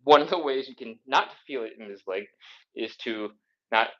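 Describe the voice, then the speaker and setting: A man's voice: medium pitch, normal speed, a bit bright, dull audio. A man leading a live stretching workout, counting reps aloud while he exercises, a bit out of breath. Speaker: fitness instructor. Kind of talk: live mobility workout instruction.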